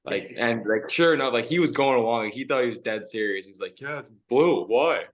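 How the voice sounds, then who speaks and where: A man hosting a podcast, talking in a relaxed, conversational way. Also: medium pitch, fast. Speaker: podcast host, university hockey player. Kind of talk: casual chat.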